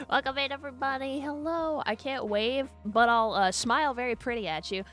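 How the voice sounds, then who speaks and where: A woman's voice: high voice, moderate pace, fairly bright tone, faint music behind. Giggly Midwestern streamer woman. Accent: Midwestern American. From USA. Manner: chatty, giggly, swears casually. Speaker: streamer host. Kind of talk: casual stream chat.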